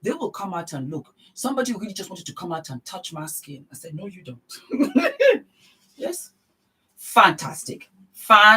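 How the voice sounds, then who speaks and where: A woman's voice: on the low side, big pitch swings, fast talker, hardly any pauses, slightly rough, rough recording. A middle-aged woman vlogging a casual beauty product demonstration, gushing and exuberant, repeating her words of praise.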